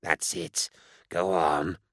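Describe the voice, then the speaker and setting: A man voicing a sinister psychic demon child who speaks slowly, low and hushed, with a gloating, cruel edge. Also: steady tone, no room sound, studio quality. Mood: coaxing.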